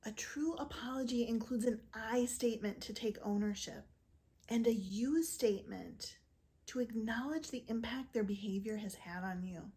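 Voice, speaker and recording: A woman presenting a scripted educational talk to camera, explaining clearly and measuredly, now and then voicing example quotes. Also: on the high side, moderate pace, warm tone. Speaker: physician and narcissistic abuse educator.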